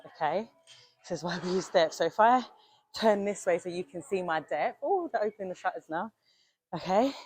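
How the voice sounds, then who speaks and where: A young woman coaching a gym workout in a casual, direct way, a bit out of breath as she demonstrates. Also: on the low side. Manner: direct, coaching, talks to viewers as "you lot". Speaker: fitness coach.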